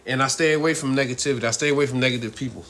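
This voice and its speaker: A man's voice: mid-range voice, racing, a bit bright, slight background noise. A middle-aged man hosting a casual live stream, talking in a loose, rambling way, laughing often and asking "you know what I mean?".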